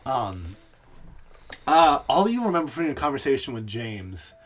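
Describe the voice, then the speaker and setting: A man narrating as game master in a chatty, lively way. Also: medium pitch, measured pace, a little hiss or hum.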